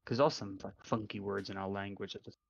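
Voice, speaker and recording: Young male co-host, low voice, chatty and musing, muffled lo-fi mic. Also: steady tone, fairly quick, gravelly, breathy edge, dry recording. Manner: rambling, many fillers, reflective. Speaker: podcast co-host. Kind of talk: casual chat. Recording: dull lo-fi sound.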